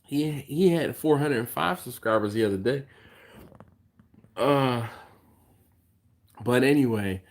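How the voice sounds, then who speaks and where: A man's voice: mid-range voice, a little mellow. A man hosting a barbecue channel, chatting casually on a live stream in a rambling way, yawning and tired, answering viewer comments as he goes.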